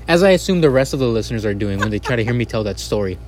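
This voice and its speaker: A man's voice: medium pitch, sing-song, fast, a little mellow, a little hiss or hum. A man hosting a casual podcast, joking, teasing and swearing as he chats with his co-host. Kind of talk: casual chat.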